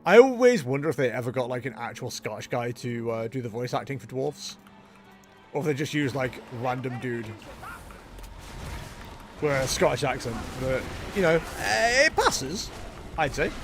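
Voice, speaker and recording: A man's voice: medium pitch, steady tone, normal speed, long pauses, music in the background. A man chatting casually as he streams a video game, joking at his own expense. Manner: chatty, self-mocking, jokey asides. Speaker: gaming livestreamer. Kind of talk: casual live commentary while playing.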